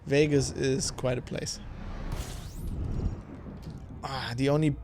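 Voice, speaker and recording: A man's voice: mid-range voice, fairly even intonation, takes it slowly, darkish tone, a little hiss or hum. A man chatting casually on a live stream, tipsy and rambling, laughing often and swearing. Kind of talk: casual chat.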